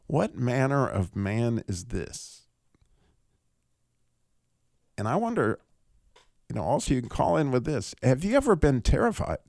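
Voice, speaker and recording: A man hosting a radio call-in show, teaching through a Bible passage in a casual, animated way. He laughs often and restarts his sentences. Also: medium pitch, dry recording, studio quality.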